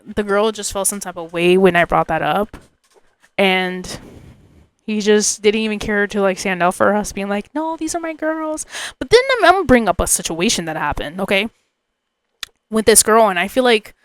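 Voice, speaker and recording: A young woman hosting a podcast tells a personal story in a chatty, meandering way, full of fillers and asides. Her voice is mid-range with a clean tone, and the recording is dry.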